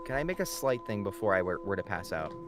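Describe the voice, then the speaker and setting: A man playing a tabletop game on stream, reacting excitably and stammering as he talks. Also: on the low side, quick pace, over music. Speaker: player. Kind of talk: casual tabletop game chat.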